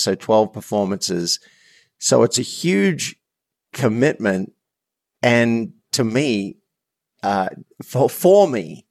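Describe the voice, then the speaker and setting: An Australian man in his fifties, a coach telling stories as a podcast guest in an earnest, animated way with frequent restarts. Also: lowish voice, no room sound, clean studio sound. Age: 50s. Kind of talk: storytelling in a podcast interview.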